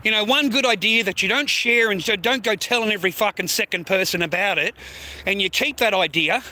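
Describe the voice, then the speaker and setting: A man's voice: sits high, brisk, bright, forceful tone. A middle-aged Australian man vlogging outdoors on a phone, swearing constantly and tagging mate onto nearly every line. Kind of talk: rambling street vlog. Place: outdoors on city streets.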